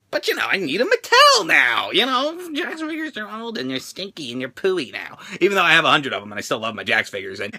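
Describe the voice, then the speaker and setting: A man's voice: high-pitched, pushed and bright. A man with an American accent in his thirties, a toy-collecting vlogger answering fan questions in a rowdy, profane, joking way, squealing when he acts out what people said. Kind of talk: casual Q&A vlog.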